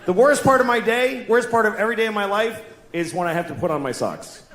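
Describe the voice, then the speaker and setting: A man's voice: high voice, fast talker, a faint crowd. A middle-aged man doing a stand-up comedy set with a blunt, crude, self-deprecating delivery. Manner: animated, acts out scenes with put-on voices. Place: large theater stage with live audience. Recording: echoey hall, audience noise.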